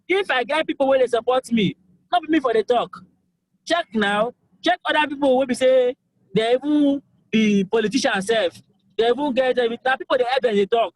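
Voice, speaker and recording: A man's voice: very high-pitched, low-quality recording. A young man with a Nigerian accent, a governorship aspirant answering voters in a call-in interview, talking emphatically and repeating himself to press his points. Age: young adult. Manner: emphatic, repetitive, pleading.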